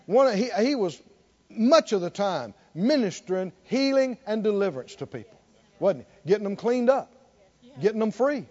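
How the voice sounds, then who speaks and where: High-voiced man preaching with rising fervor. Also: very animated, normal speed, lo-fi sound. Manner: call-and-response preaching, rising to near shouts. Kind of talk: sermon.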